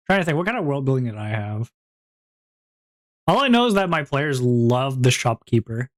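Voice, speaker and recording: A man's voice: mid-range voice, sing-song, normal speed. A man streamer chatting casually with his viewers, rambling, with many fillers and restarts. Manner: laughs at his own jokes.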